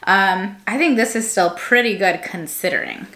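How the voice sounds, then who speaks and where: A young woman vlogging in a casual, rambling chat, full of fillers and quick self-corrections. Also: medium pitch, bright, forceful tone, slight background noise.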